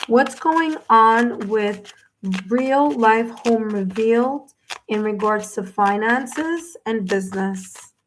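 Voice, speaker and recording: A woman's voice: on the high side, slow, slight background noise, poor audio. A woman giving a paid tarot reading on a live stream, speaking to the viewer directly in a soothing, reassuring way while she has the hiccups. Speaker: tarot reader.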